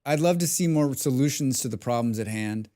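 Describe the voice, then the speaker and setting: A man chatting loosely during a live gaming stream, wandering from thought to thought. He restarts sentences often and swears bluntly without much fuss. The talk stays relaxed and conversational. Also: mid-range voice, a little fast. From abroad, lives outside his birth country. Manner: rambling, thinking aloud with many restarts. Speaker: game streamer. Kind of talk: casual live-stream chat while gaming.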